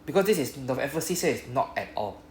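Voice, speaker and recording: A man with a Singaporean English accent teaching a Japanese class, explaining patiently and drilling phrases slowly. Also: medium pitch, sing-song, roomy sound.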